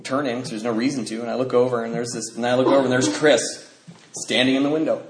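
A man's voice: medium pitch, fairly even intonation, quick pace. A man telling a personal recovery story at a meeting, rambling with restarts and acting out other people's lines. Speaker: speaker sharing a recovery story. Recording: roomy echo, faint noise.

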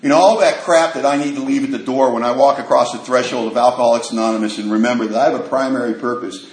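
A man speaking to an audience at a recovery meeting, telling a personal story with lively acted-out dialogue. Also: medium pitch, fast. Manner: animated storyteller acting out quoted dialogue. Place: large meeting hall. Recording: echoey hall with faint noise.

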